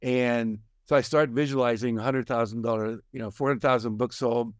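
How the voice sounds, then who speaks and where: A man's voice: medium pitch, normal speed, dry recording. An older man, a guest success coach, telling stories in a conversation and acting out the voices of people he quotes. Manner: animated storyteller, acts out quoted voices. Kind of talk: storytelling in a conversation.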